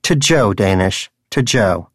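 A man's voice: fairly low pitch, lively intonation, slow pace, a bit bright, breathy edge, no room sound, clean studio sound, exaggerated voice. A man voicing a pious, anxious male pet rodent who preaches in an earnest, indignant way. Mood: indignant preaching.

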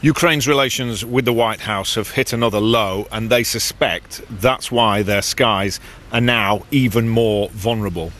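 A man reporting from the field as a news correspondent, measured and sombre. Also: lowish voice, fairly bright tone.

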